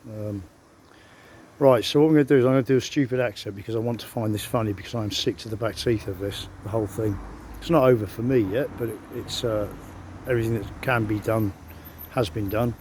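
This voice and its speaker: Man, middle-aged, mellow dark tone, rambling, hesitant, self-mocking, phone vlog. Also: lowish voice, a little fast, a little hiss or hum. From England. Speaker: vlogger. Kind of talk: casual rambling monologue.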